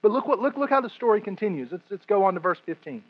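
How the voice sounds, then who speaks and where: A high-voiced man preaches in a loose, joking way, stumbling over and repeating his words as he walks through a Bible passage. The recording is dull and lo-fi, with the top end muffled. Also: expressive, fast talker. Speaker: pastor. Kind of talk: sermon.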